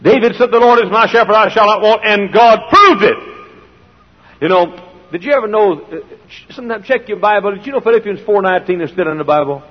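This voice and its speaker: A man preaching a sermon in a folksy style, full of rhetorical questions, swinging between loud and hushed. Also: high voice, brisk. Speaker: pastor. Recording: dull old sermon recording in a large hall.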